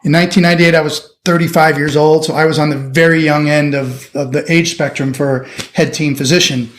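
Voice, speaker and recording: A man's voice: on the high side, a little fast. Storytelling middle-aged American man. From United States. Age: 50s. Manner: animated anecdotal storytelling, acting out quoted voices. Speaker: orthopedic surgeon guest. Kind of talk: storytelling interview.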